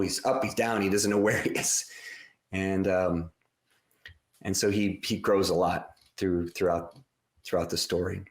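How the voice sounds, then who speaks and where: A man's voice: low-pitched, reverberant. A man hosting his podcast, talking about his book in a loose, rambling way full of fillers and restarts. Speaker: podcast host and author. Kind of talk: casual podcast talk.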